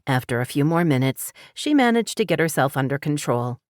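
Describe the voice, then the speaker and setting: Woman reading an audiobook, low voice, steady and even, super dry recording. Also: no echo. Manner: measured, even storytelling. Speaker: audiobook narrator. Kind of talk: scripted narration.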